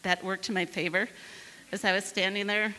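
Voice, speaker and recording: A woman's voice: medium pitch, normal speed, in a large hall. A woman from northern Wisconsin telling a funny personal story to an audience, acting out the voices of the people in it. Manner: lively, acts out quoted voices.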